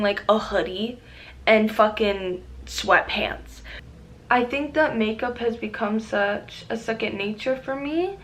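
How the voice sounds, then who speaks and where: A young beauty vlogger with a mid-range voice rambles casually through a makeup video, excitable, profane, and heavy on fillers. She's recorded at home on a camera mic.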